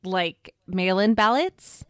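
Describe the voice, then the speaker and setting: A woman co-hosting a podcast in relaxed casual chat, laughing easily. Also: mid-range voice, slow pace, clear, resonant tone, no room sound, clean studio sound. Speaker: podcast co-host.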